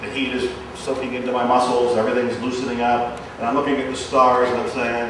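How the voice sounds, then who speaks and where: An earnest man delivers a motivational self-help talk at a middle pitch, sometimes dropping to a hushed, soft repetition of his phrases. He sounds set back from the microphone in a strongly echoing room, with a faint hum behind him. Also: flat delivery, brisk. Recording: very echoey room, speaker far from mic.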